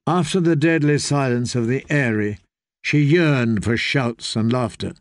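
An audiobook narrator, a man with a mid-range voice, reads a fantasy novel in a measured storytelling manner. The recording is clean studio sound with no room ambience.

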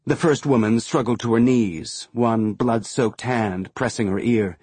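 Husky-voiced male audiobook narrator. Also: medium pitch, measured pace, darkish tone, no echo.

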